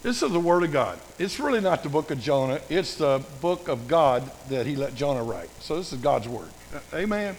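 High, gravelly older preacher. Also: male voice, moderate pace, long reverb tail, a little hiss or hum, low-quality recording. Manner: folksy, humorous, animated storytelling. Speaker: pastor. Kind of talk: sermon.

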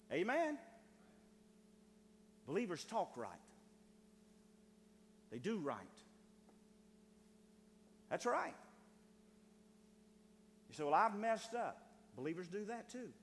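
A man preaching a sermon as pastor, calling out to the church and building to loud, rising appeals. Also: high voice, very animated, slow pace, long pauses, in a large hall, a little hiss or hum.

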